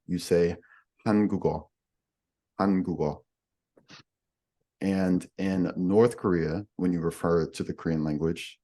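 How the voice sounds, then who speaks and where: A man's voice: deep voice, dark tone. A man explaining language differences in a podcast conversation, patient and giving examples as he goes.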